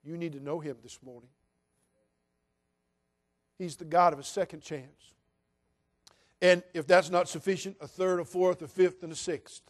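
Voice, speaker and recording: A man's voice: a little high, steady tone, normal speed, pauses often. An older man from California preaching a sermon from the pulpit in a folksy, dramatic storytelling manner. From California, USA. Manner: folksy, dramatic, mimics quoted voices in hushed tones.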